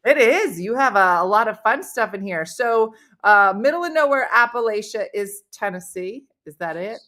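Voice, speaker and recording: A chatty woman with a New Jersey accent hosts a casual comedy talk show. Her voice is bright and forward, and she talks in an animated way. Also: medium pitch, normal speed. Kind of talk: casual chat and guest introduction.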